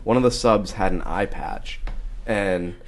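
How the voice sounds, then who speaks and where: A young man with a fairly low voice tells stories on a casual podcast. His delivery is animated, and he often laughs and breaks into sudden shouts. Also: unhurried, over a noisy crowd. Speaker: podcast co-host. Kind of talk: casual chat.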